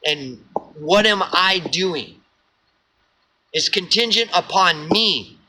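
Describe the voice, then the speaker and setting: A man's voice: high voice, expressive, slow, pushed and bright, low-quality recording. A man from Oklahoma with an Oklahoma accent, giving a blunt, profane, preachy rant to camera and repeating himself for emphasis. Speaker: vlogger. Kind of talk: ranting monologue to camera.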